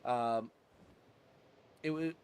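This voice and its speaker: A man's voice: medium pitch, drawn-out words, a little mellow, a little hiss or hum. Rambling New Jersey guy streaming. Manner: rambling, chuckling, many fillers and restarts. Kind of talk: casual live-stream chat while gaming.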